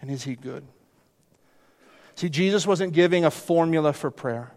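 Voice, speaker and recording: Brief: male pastor mid-sermon, high-pitched, insistent repetition, long hall reverb. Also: normal speed, a little mellow. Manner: emphatic, repeats phrases, rhetorical questions.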